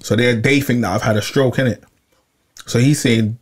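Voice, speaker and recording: A young man, telling a long personal story in casual chat, animated and repeating himself, full of slang. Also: medium pitch, normal speed. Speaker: podcast regular.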